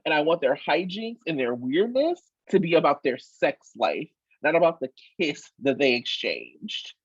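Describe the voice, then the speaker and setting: Animated, husky woman co-host. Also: low-pitched, a little slow, no room sound, dull audio. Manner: emphatic, animated, swears freely. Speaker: podcast co-host. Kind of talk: casual chat.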